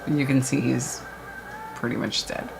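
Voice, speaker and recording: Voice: medium pitch, little pitch movement, measured pace, creaky, background noise. A watch party host chatting casually on a live stream, reading viewer comments aloud and joking around. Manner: reads viewer chat aloud, jokey and laid-back.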